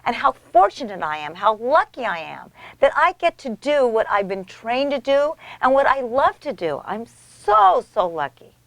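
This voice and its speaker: A middle-aged American actress telling stories in an interview, animated and effusive with frequent restarts. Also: female voice, on the high side, moderate pace, creaky, no room sound. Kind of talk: casual storytelling in an interview.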